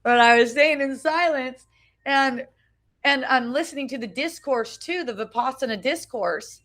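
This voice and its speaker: A middle-aged woman with a slightly high voice, sharing spiritual teachings in a loose, chatty way. She keeps checking in with "right?", circles back on her phrases and lets the odd swear word slip. She is recorded outdoors on a phone for a live video. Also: unhurried, fairly bright tone. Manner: conversational, frequent "right?" and restarts, casual swearing. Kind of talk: informal spiritual talk to a small group. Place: outdoors at a beach.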